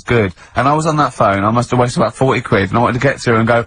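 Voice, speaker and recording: A man's voice: mid-range voice, expressive, quick pace, few pauses, a bit bright, slightly rough. An English man co-hosting a radio show, chatting and joking with a giggly, mocking manner. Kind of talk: casual radio banter. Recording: old FM radio broadcast.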